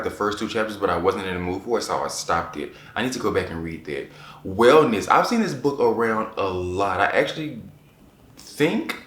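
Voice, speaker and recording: A man chatting casually to camera as a book reviewer, animated and repeating phrases for emphasis. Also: mid-range voice. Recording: echoey room.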